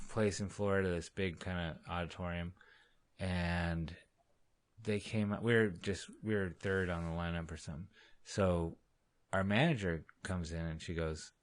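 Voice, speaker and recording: A man, a musician guest on a podcast, telling animated stories in casual chat and acting out what others said. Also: low voice. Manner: animated, laughing, acts out quotes in other voices. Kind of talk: casual storytelling.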